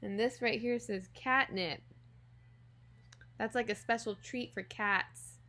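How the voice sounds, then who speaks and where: Expressive woman reading to young kids. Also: fairly high pitch, slow. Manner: gentle, expressive, speaks directly to young listeners. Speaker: teacher reading aloud to children. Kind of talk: children's storybook read-aloud.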